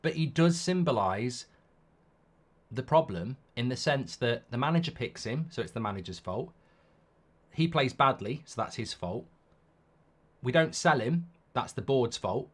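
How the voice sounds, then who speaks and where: A middle-aged man hosting a live football watchalong, talking in an opinionated, rambling way with quick restarts. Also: mid-range voice, lively intonation. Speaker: host.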